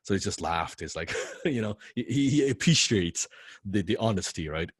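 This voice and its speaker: A man with a fairly low voice tells a personal story in a casual motivational talk. He is animated and keeps stumbling into repeated words and little laughs. The sound is close and dry, with no room around it. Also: moderate pace, slightly rough, no echo. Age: young adult. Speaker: business coach.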